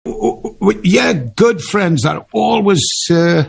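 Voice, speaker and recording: A man's voice: sits high, expressive, slow, creaky, husky. A man in his seventies with a Geordie accent, telling stories in a chatty, rambling way and laughing often during an interview. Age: 70s. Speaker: interview guest, singer. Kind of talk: casual interview storytelling.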